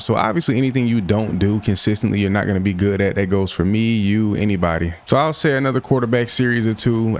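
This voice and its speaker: A man's voice: on the low side, slight background noise. A young man giving casual commentary over a football video game, often frustrated and venting as he plays. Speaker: gaming YouTuber.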